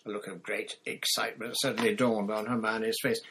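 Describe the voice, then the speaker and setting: A man reading a novel aloud in steady, measured scripted narration. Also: fairly low pitch, slight background noise, rough recording. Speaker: audiobook reader.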